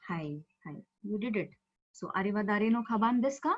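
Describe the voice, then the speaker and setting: A woman's voice: mid-range voice, lively intonation, a little fast. A woman teaching an online language class, explaining patiently step by step. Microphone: video call. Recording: dull lo-fi video call audio.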